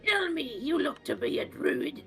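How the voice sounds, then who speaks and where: A man voicing a screeching, cranky goblin alchemist in a tabletop game, gruff and questioning. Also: very high voice, expressive, unhurried, sharp tone, faint music behind, voice pushed up, full character voice. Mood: suspicious. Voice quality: screechy, gravelly.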